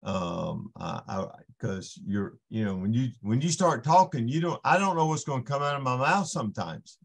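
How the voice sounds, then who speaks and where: A man's voice: medium pitch, expressive, creaky, slightly rough. A man, a ministering guest on a faith podcast, telling a personal story and acting out the voices in it. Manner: unhurried storytelling, acts out the voices in his story. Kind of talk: casual storytelling testimony.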